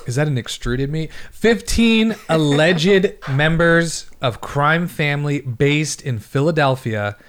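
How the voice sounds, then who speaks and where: A man's voice: a little high, lively intonation, slow pace. A young adult man co-hosting a podcast, reading news stories aloud in a casual, joking way, swearing and stumbling over words as he goes. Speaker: podcast co-host.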